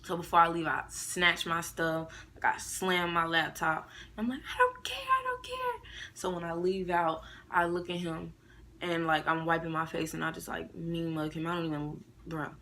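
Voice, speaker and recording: A woman's voice: low voice, normal speed, slight background noise. A young woman vlogger telling a story in a casual, slangy way, acting out other people's lines. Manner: animated, slangy, acts out quotes in raised voices.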